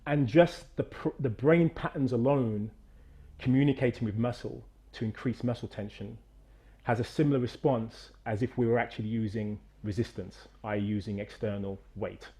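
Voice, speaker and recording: A middle-aged man coaching a movement demonstration over a video call, animated and encouraging, straining on repeated counts. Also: mid-range voice, normal speed. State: out of breath after exercise. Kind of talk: energetic guided demonstration.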